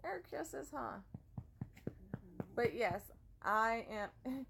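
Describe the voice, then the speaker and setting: A woman's voice: a little high, animated, extremely slow, gravelly, noisy background. A young adult American woman vlogging in a chatty, giggly and exclamatory way, talking casually to the camera. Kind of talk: casual chat.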